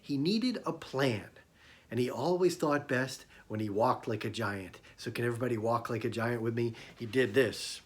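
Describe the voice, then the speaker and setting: A male storyteller telling an interactive story to young children, animated and expressive, asking the children questions. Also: mid-range voice, normal speed, husky. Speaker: storyteller and illustrator.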